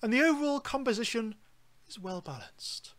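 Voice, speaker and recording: A man voicing a snooty, pompous male art critic, reading in a drawn-out, lofty way. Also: very high voice, big pitch swings, fairly bright tone, voice pushed up, heavily acted.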